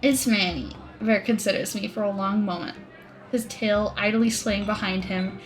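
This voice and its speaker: A young adult woman streaming a story game, reading it aloud and joking through animated reactions. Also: mid-range voice, normal speed, soft background music. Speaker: streamer reading a visual novel.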